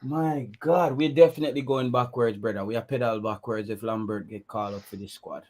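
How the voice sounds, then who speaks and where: A man's voice: mid-range voice, steady tone, fairly quick, darkish tone. Man hosting a casual football chat. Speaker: host.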